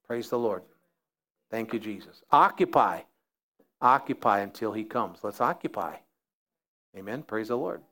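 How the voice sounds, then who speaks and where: A man's voice: mid-range voice, normal speed, a bit bright. Man preaching with repeated emphasis. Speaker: pastor. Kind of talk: sermon.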